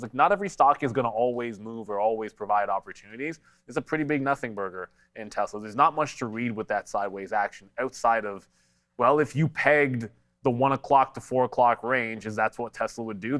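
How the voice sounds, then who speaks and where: A man co-hosting a live market stream, talking trades in a blunt, plain-spoken way. His voice sits at an ordinary middle pitch and sounds a little congested from allergies. He answers viewers' chat questions as he goes. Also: fairly bright tone. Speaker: stock market show co-host. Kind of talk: live trading commentary.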